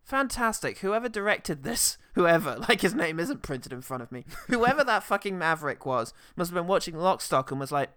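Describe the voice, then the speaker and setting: A man's voice: sits high, very animated, moderate pace, hardly any pauses, bright, forceful tone, smooth, dry recording, studio quality. A man hosting a podcast, chatting casually, swearing and laughing often. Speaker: podcast host. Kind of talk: casual chat.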